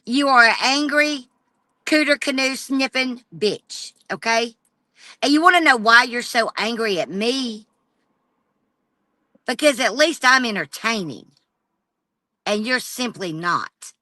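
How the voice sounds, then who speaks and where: A woman's voice: on the high side, lively intonation, slow pace, long pauses, pushed and bright, no echo. A woman livestreaming an angry, profane rant straight at a rival. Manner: profane and confrontational, addressing a rival directly.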